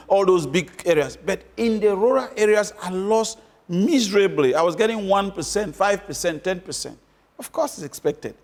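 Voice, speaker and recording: A man giving interview answers about politics, emphatic, repeating his points for stress. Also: high voice. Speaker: interview guest, former candidate.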